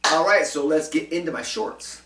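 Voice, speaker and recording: A man's voice: a little high, normal speed, echoey room, far from the mic, noisy background. A man hosting a casual talk show, rambling through his commentary with lots of fillers and restarts. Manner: rambling, many fillers and restarts, chuckling asides. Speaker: show host doing commentary segments.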